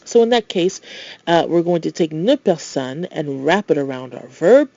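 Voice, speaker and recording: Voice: medium pitch, expressive, moderate pace, dark tone, no echo, muffled recording. A language tutor giving a recorded lesson, explaining patiently with playful asides and reading French example phrases.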